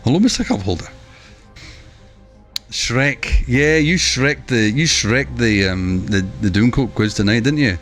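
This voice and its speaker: A man giving chatty live commentary while streaming a video game, breaking into excitable exclamations. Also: mid-range voice, unhurried, faint music behind.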